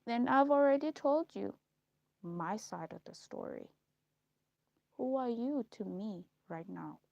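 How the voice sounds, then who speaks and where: A woman speaking a halting, repetitive personal monologue on a live stream, slow and heavy in delivery. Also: fairly high pitch, expressive, gravelly, darkish tone, no echo, muffled recording. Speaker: livestream host.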